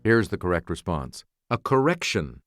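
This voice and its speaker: A man's voice: deep voice, big pitch swings, normal speed, fairly bright tone, slight background noise. A man hosting a quiz show, announcing players and reading clues aloud in a scripted studio delivery. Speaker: game show host.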